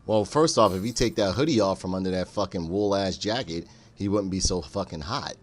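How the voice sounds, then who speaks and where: A man streaming a game, joking and cursing in an animated, storytelling way. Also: sits low, brisk. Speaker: gaming streamer. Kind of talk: casual let's-play commentary.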